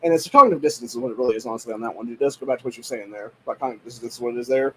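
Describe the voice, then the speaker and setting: A man's voice: mid-range voice, racing, sharp tone, slightly rough, low-quality recording. A man hosting a podcast, giving rambling, profane political commentary in a dismissive, ranting tone, full of filler phrases. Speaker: podcast host.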